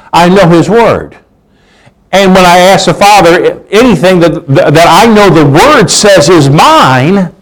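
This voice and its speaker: A man with a fairly high voice delivers a sermon. He talks conversationally, circling back on his words and asking the listeners questions. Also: low-quality recording. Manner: conversational, repeats words while searching, asks rhetorical questions. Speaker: preacher.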